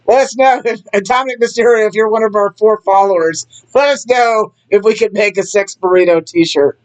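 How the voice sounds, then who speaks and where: A man's voice: sits high, moderate pace, clean tone. A man in his forties co-hosting a podcast, chatting casually about wrestling with joking, wry asides. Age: 40s. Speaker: podcast co-host.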